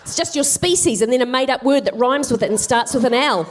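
A woman's voice: sits high, lively intonation, quick pace, a little hiss or hum. A woman voicing an exasperated little red hen who swears in frustration, live on a theatre stage. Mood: fed-up.

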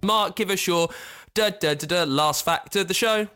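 A man's voice: high-pitched, moderate pace, over music. A young man hosting a podcast, teasing and sardonic in casual chat. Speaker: podcast host.

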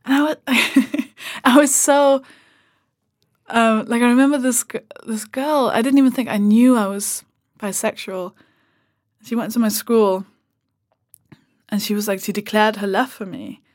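A woman talking as a guest on a podcast, animated and swearing freely as she acts out remarks people made. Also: a little high, a little slow, pauses often, no echo, clean studio sound. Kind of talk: casual podcast conversation.

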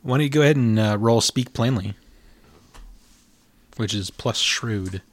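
A man narrating as game master of a tabletop game in a relaxed, halting way with many pauses. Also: medium pitch.

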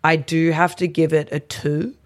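A woman chatting as a guest on a gaming podcast, halting and full of restarts. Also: sits low, little pitch movement. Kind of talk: casual chat.

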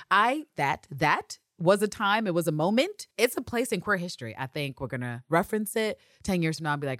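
A woman with a low voice that swings widely through her range, co-hosting a fan podcast. She chats casually, swears freely and acts out favorite lines. The sound is dry and close. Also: normal speed, few pauses, dry recording. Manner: animated, profane, laughs often, acts out quotes. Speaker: podcast co-host.

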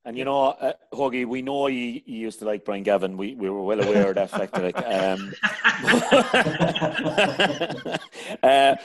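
A man's voice: mid-range voice, lively intonation, a little slow, fairly bright tone. Chatty Irish man hosting a sports chat. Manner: chatty, rambling, addresses the panel as lads. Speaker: podcast host.

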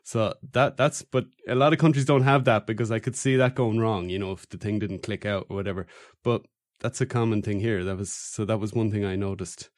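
A man hosting a podcast, talking in a relaxed, easygoing way in a casual chat. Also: lowish voice, fairly quick, hardly any pauses, no echo, clean studio sound. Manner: relaxed, easygoing, laughs along. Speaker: podcast host.

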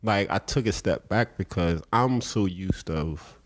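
A man with a Philadelphia accent, telling stories as a podcast guest and acting out the voices of people he quotes. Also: a little slow. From South Philadelphia. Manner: animated storyteller acting out quoted voices, often high-pitched. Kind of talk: storytelling in a podcast interview.

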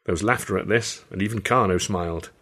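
A man's voice: lowish voice, fast talker, bright, forceful tone, slightly rough. A man, the author, reads his novel aloud in a dry, wry storytelling manner. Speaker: author and reader. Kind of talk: audiobook narration.

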